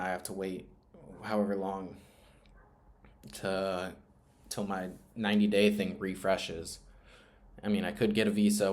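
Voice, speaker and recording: A young man talking to himself during a live trading stream, rambling and swearing, often sinking to a low mutter. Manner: rambling, profane, emotional self-talk. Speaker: trading livestreamer. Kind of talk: casual live-stream monologue.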